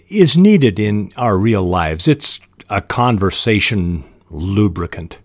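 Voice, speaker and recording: A middle-aged man hosting a writing podcast, explaining fiction techniques in a measured way with short pauses. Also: fairly low pitch, expressive, no room sound, studio quality. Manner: measured, reads examples aloud with short pauses. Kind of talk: instructional talk on fiction writing.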